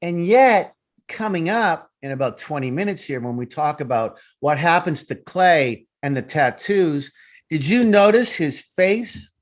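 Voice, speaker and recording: Middle-aged male co-host, lively swinging pitch, emphatic casual chat. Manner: emphatic, swears freely, jumps in with quick reactions. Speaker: podcast co-host, actor.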